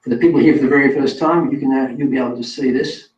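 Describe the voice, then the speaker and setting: A man's voice: mid-range voice, fairly even intonation, quick pace. A man presenting a live online webinar, talking straight to viewers in a chatty, self-correcting way. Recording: distant roomy lo-fi sound.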